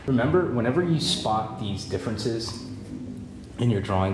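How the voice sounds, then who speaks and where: A man teaching a drawing demonstration, relaxed and encouraging, thinking aloud as he draws and repeating key points. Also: medium pitch, moderate pace. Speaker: art teacher. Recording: roomy with faint background noise.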